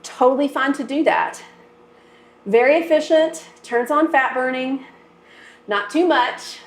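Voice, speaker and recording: A woman fitness instructor leads a workout and stretch, coaching and encouraging through each move. Her voice sits high and she speaks a little slowly, with an echo in the room.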